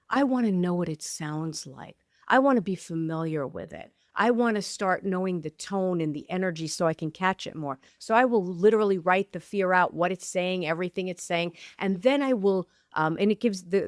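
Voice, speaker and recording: A woman's voice: on the low side, normal speed, hardly any pauses, no room sound, studio quality. A woman author and coach, a podcast guest, talking emphatically and restarting sentences eagerly. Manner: emphatic, affirms often with repeated yeses. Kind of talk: interview conversation.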